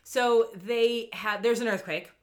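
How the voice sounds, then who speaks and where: A woman co-hosting a podcast in casual chat, sarcastic and quick to laugh, swearing freely. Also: a little high, steady tone. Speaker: podcast co-host.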